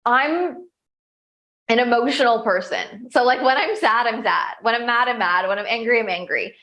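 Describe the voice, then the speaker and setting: A young adult woman with a slightly high voice talks in a loose, upbeat way. She is a coach answering questions in a casual interview, and she often restarts her sentences. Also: fairly bright tone. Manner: upbeat, chatty, many likes and restarts. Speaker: coach and show host.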